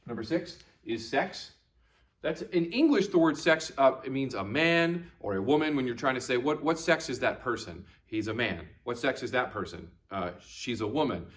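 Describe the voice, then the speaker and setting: A male teacher recording a video lesson for young students. His pitch rises and falls a lot as he explains, and he repeats each word slowly and patiently. His tone is encouraging and friendly toward the class. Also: expressive. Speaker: Latin teacher.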